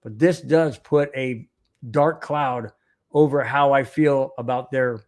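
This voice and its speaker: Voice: mid-range voice, takes it slowly, a little mellow. An older sports podcast host giving opinionated commentary, reading news aloud with indignant exclamations and repeated phrases.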